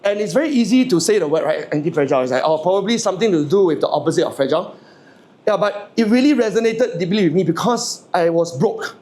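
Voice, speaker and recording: A man's voice: high-pitched, lively intonation, quick pace, a little mellow. A man, giving a humorous motivational speech to a live audience, stammering and repeating words as he jokes and asks the crowd questions. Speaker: motivational speaker.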